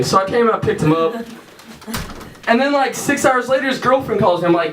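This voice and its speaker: Young man, stand-up comedian, high voice, crude loose storytelling, echoey theater, distant mic, audience laughter. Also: expressive, fairly quick, pauses often, slight background noise. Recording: echoey room, mic heard from afar.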